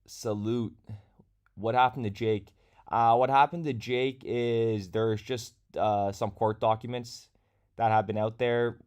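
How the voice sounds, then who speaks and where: Low-voiced man hosting a casual livestream. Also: darkish tone, clean tone. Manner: chatty, reads viewer comments aloud. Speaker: crypto livestream host.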